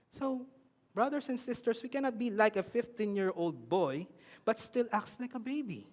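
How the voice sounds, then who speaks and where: A man with a Filipino accent preaching a sermon in an animated way, often asking his congregation questions. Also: very high voice, normal speed, big-room sound.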